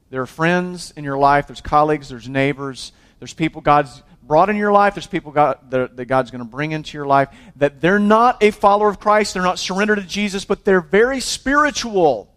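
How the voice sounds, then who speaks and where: Preaching as a pastor, this man swings between loud urging and quiet intensity, frequently starting over and repeating words. His pitch sits fairly high.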